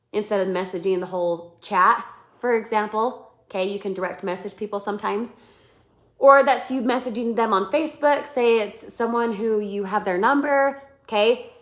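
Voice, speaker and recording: A woman coaching her sales team in a live webinar, animated, acting out sample messages and often checking that her listeners follow. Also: medium pitch. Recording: roomy echo.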